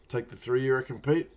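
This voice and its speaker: A man in his thirties hosting a live watch-along from home, giving casual commentary in muttered reactions and urging the players on. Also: medium pitch. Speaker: watch-along stream host.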